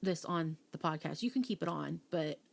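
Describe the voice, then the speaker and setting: Young woman on a podcast, kinda low voice, acts out the quotes, chatty. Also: moderate pace, gravelly, a little hiss or hum. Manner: animated storytelling, acting out quotes. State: pregnant. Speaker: podcast co-host. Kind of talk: casual chat.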